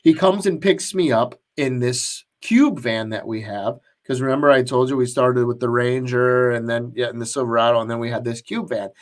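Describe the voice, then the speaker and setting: A man's voice: medium pitch, steady tone, normal speed, hardly any pauses. A man co-hosting a podcast, telling a long story in casual chat with lots of restarts and fillers. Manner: rambling, many restarts and fillers. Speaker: podcast co-host.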